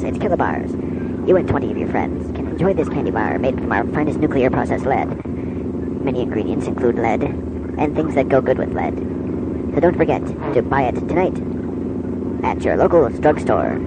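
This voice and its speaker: A man's voice: mid-range voice, animated, normal speed, heavy background noise. A man announcing mock commercials in an upbeat voice-over, for a homemade comedy tape.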